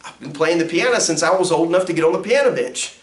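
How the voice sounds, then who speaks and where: Man, pastor, high voice, lively swooping lecture, echoey room. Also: fast talker. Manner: animated, swooping up and down in pitch; acts out sounds and quotes with big pitch jumps. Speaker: pastor teaching a music ministry course. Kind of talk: classroom lecture. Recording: roomy echo.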